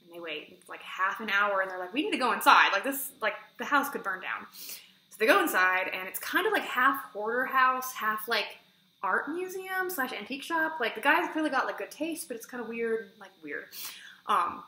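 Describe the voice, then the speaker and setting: A woman reviewing books in a casual vlog, talking excitedly and filling her sentences with "like" as she retells a story. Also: a little high, normal speed. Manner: chatty, fillers of "like", excitable retelling. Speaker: book reviewer. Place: room at home with a bookshelf. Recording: echoey room.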